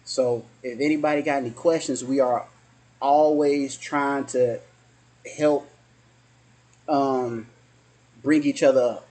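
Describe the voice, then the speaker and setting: A man around forty in a casual spiritual chat, halting and restarting often, slipping into softly acted quotes. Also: mid-range voice, fairly even intonation.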